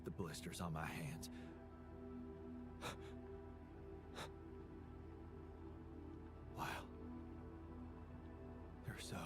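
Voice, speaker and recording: A man's voice: deep voice, full character voice. An actor playing a troubled, bewildered alternate version of a man in a video game, speaking with a Southern accent in a hesitant, searching way that drops to whispers. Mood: distressed. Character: troubled male alter self, rugged, bewildered.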